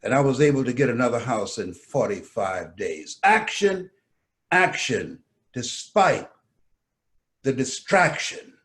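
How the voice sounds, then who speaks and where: A motivational speaker from Miami telling a family story dramatically, acting out the voices. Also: male voice, mid-range voice, measured pace. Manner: animated, acts out voices.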